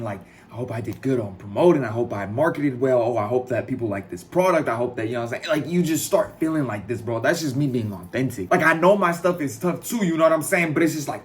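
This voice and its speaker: Laid-back young man talking slang to camera. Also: medium pitch. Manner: relaxed, slangy, talks straight to viewers. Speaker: clothing brand owner and streamer. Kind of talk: casual vlog to camera.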